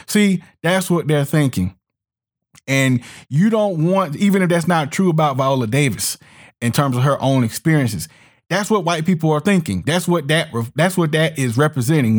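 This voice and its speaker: Man, fairly high voice, heated rant, emphatic, stumbles and repeats words. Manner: slips into sneering mock voices. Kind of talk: ranting monologue commentary.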